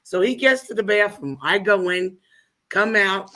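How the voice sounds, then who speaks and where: Woman storyteller, lively and bright, giggles through her tales. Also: medium pitch, a little slow. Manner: animated, laughs through her stories. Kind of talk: casual storytelling on a live chat.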